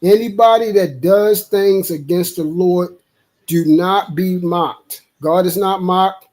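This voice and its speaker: Guy on a stream preaching hard, emphatic, voice sits kinda high. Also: slow pace, darkish tone, rough recording. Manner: emphatic, preachy, quotes God in a raised voice. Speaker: podcast host. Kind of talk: heated debate and preaching. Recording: live stream.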